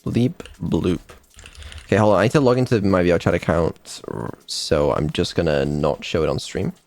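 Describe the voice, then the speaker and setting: A man's voice: low-pitched, animated, a little fast, a little mellow, dry recording. A man, a developer and streamer, chatting casually on a live dev stream, laid-back and mumbling, with ums and the odd swear.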